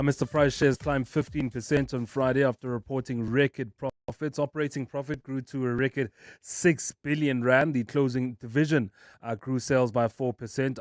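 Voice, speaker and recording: A man reads a radio business news report in a brisk briefing tone, with frequent short fillers. His voice is mid-pitched and close on a studio mic. The sound is dry and clear. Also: darkish tone, dry recording.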